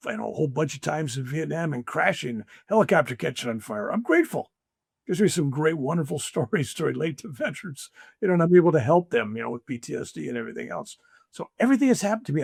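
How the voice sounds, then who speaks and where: Older guy spinning stories in an interview, gravelly husky voice, dry close sound. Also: on the high side, no room sound. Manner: animated storyteller, acts out quoted voices. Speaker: guest, spiritual teacher. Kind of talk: conversational storytelling.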